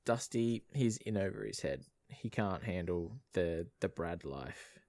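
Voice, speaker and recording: A man's voice: low voice, expressive, measured pace, a little mellow, no echo. A man with an Australian accent co-hosting a podcast, recapping a movie in a rambling way with lots of fillers. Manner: rambling with fillers, uses "bloody" a lot. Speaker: podcast co-host. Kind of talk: casual movie recap chat.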